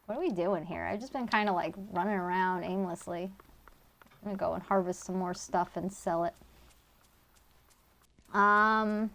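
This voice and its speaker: A woman's voice: fairly low pitch, a little slow, pauses often, a bit bright. A woman in her thirties streaming a video game, chatting loosely with her viewers, rambling and swearing casually as she answers chat. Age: 30s. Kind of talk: casual live-stream chat while gaming.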